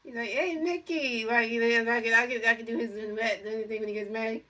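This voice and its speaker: A woman's voice: a little high, monotone, fast talker, pushed and bright, far from the mic. A woman giving casual play-by-play over a video game, rambling with lots of fillers and repeated phrases. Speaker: gamer doing play-by-play.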